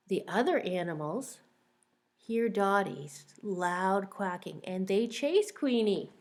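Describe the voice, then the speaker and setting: A woman teacher reading a picture book aloud to young children, gently asking them questions along the way. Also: medium pitch, lively intonation, unhurried.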